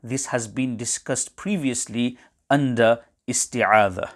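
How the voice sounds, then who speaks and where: A man teaching correct recitation, explaining pronunciation errors in a measured, precise way. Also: mid-range voice. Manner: measured and precise, pausing between phrases. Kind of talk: slow, deliberate instructional explanation.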